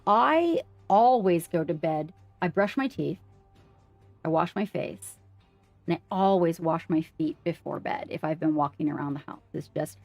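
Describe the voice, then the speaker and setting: A woman's voice: low voice, expressive, unhurried, a little mellow, no echo, faint music behind. A woman on a livestream, earnestly sharing her story and speaking straight to the viewers in a casual way.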